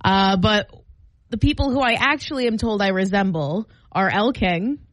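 A woman's voice: medium pitch, moderate pace, no room sound. A young woman co-hosting a morning radio show, telling stories theatrically with giggles and playful banter. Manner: animated storyteller, giggly, theatrical. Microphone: studio microphone.

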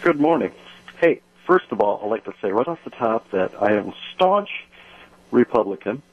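A man's voice: lowish voice, big pitch swings, normal speed, slightly rough, lo-fi sound. A man calling into a radio show with an emphatic opinion, his cell phone cutting in and out. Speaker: caller.

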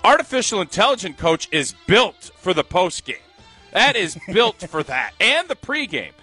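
A man co-hosting a sports radio show, talking in a bright, fairly high voice. He is opinionated and animated and laughs often, with faint music in the background. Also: moderate pace, breathy edge. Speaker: radio co-host and former football player. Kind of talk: casual sports talk.

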